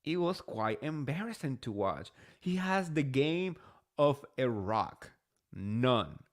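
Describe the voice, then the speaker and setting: A man's voice: mid-range voice, big pitch swings, slow. A man hosting a casual reality TV recap, chatty and gossipy, swearing freely. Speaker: host.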